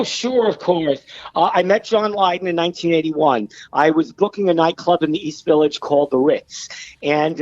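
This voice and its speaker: Middle-aged man, podcast guest, lively storyteller, dry dull sound. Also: fairly high pitch, no echo. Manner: animated, acts out quoted voices. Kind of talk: casual storytelling.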